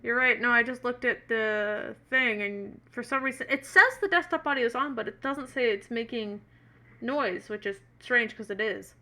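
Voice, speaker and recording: A woman running a tabletop role-playing game on a live stream, describing scenes for her players. Her voice is bright and a touch higher than average. She hesitates often and fills gaps with ums and uhs. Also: moderate pace. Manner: hesitant, filler-heavy. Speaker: game master.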